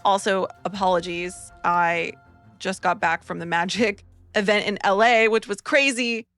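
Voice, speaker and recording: A woman with a slight cold, opening trading card packs in a bubbly vlog and reading card text aloud quickly. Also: mid-range voice, steady tone, a bit bright, faint music behind. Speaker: card-opening content creator. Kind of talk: excited pack-opening vlog.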